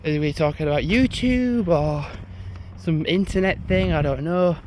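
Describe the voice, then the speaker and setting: A young vlogger rambles casually to his phone on an evening walk uphill, keeping up a chatty monologue. His voice is on the high side with a darkish tone and moderate pace, and a little hiss or hum can be heard.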